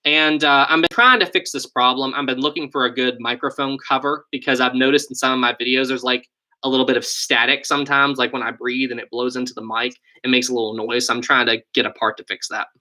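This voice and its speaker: West virginia accent young guy on a stream, super bright voice, answering chat questions off the cuff. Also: medium pitch, fairly even intonation, quick pace. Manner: chatty, reads and answers viewer questions, thinks aloud. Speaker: live stream host. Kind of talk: casual live stream chat. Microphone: desk USB microphone.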